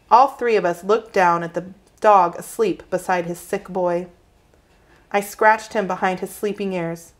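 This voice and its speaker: Woman calmly reading a children's novel aloud. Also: mid-range voice, a little slow. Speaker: reader.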